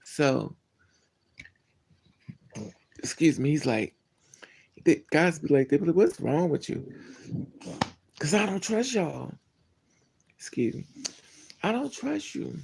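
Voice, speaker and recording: A man hosting a livestream, telling a personal story to his viewers in a candid, animated, blunt way. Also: a little high, takes it slowly, vocal fry, long pauses, slight background noise. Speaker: livestream host. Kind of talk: casual storytelling to a live chat.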